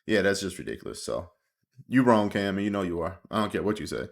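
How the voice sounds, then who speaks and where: A male host reacting to a sports clip in loose, slangy talk, chewing as he speaks. His voice jumps up and down in pitch as he riffs. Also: quick pace, creaky. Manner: slangy, animated, talks while eating. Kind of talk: casual reaction commentary.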